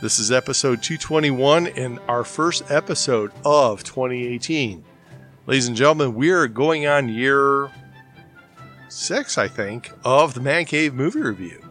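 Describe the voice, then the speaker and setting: A man's voice: mid-range voice, lively intonation, unhurried, fairly bright tone. This is a man hosting a casual movie podcast, easygoing and rambling as he chats with friends. His voice sits in a middle range and he laughs easily. Faint music hums underneath. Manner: laid-back, rambling, chuckles often. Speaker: podcast host.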